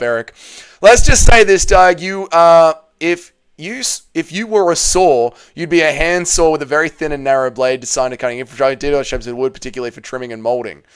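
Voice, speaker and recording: Emotional man, smooth higher voice. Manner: emotional, repeats himself, swears, rises in pitch when upset. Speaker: livestream host reading chat. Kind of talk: casual livestream chat.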